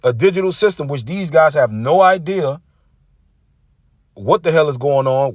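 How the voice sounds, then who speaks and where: A man's voice: a little high, animated, moderate pace, long pauses, a little mellow, dry recording. A man preaching combatively, reading scripture aloud and mocking rival preachers. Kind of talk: street-preacher sermon video.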